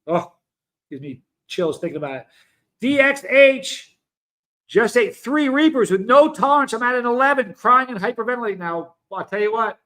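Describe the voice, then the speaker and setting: A man with a fairly high voice hosts a casual livestream. He talks loosely to his viewers, reads their comments aloud and often breaks off to restart his sentences. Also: animated, a little fast, bright, forceful tone. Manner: chatty, rambling, self-interrupting. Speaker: livestream host.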